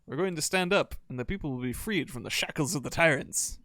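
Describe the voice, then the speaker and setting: A man's voice: on the high side, lively intonation, fairly quick, fairly bright tone, no echo, clean studio sound. A man voicing a friendly, earnest male sawmill worker who rallies people to his side.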